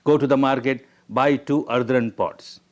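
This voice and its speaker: A man doing a calm wise teacher. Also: medium pitch, measured pace, highs cut off, close to an everyday voice. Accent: Indian English. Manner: plain, instructive. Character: calm wise old male teacher, patient.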